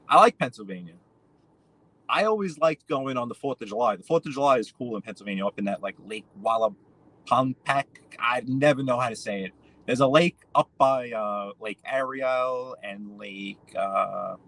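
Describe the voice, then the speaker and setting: A man's voice: medium pitch, a bit bright, poor audio. Casual New male streamer, rambling chat while he drives, mid-range voice. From New York. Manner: rambling, chatty, addresses viewers by name. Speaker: live-stream host. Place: in a car.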